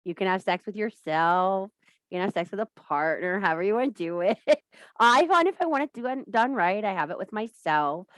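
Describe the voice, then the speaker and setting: A woman in the middle of her range, swinging her pitch up and down with a lot of animation as she talks. She coaches in a loose, bawdy way, swears freely and keeps laughing at her own jokes. The sound is dry and close, with little room around it. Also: expressive, normal speed, fairly bright tone, no echo. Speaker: host of a witchcraft and wellness group. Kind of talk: casual spiritual coaching talk.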